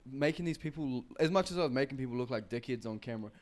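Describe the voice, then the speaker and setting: A man's voice: medium pitch, racing. A man co-hosting a podcast, talking bluntly and self-deprecatingly with swearing. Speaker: podcast host. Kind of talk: casual chat.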